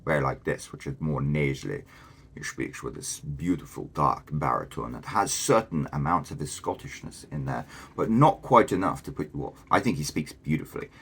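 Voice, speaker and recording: A man's voice: very deep voice, breathy edge. A man from Britain with a posh English accent, chatting enthusiastically as a video host. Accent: posh southern English. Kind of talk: casual talking-head commentary.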